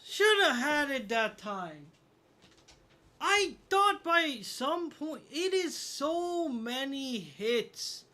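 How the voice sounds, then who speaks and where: A man's voice: extremely high pitch, very animated, very slow, pushed and bright. A young man streaming a game, casually commenting to his chat, frustrated, swearing and mocking himself. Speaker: gaming streamer.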